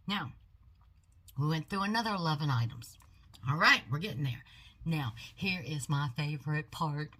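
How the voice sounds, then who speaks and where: Older woman, lowish voice, bright and forceful tone, folksy chatty haul vlogger, home office, phone mic. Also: husky. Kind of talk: casual product haul chat.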